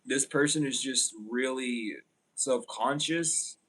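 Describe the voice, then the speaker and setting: A man's voice: medium pitch, slow pace, fairly bright tone. A man giving a casual livestream tarot reading, rambling and blunt, with lots of fillers. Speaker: tarot reader.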